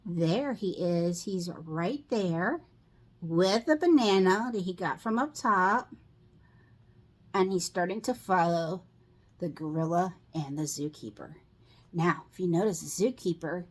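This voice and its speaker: A middle-aged woman reading a picture book aloud to children, pausing to ask them questions about the pictures. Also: on the low side. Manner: slow, asks children questions.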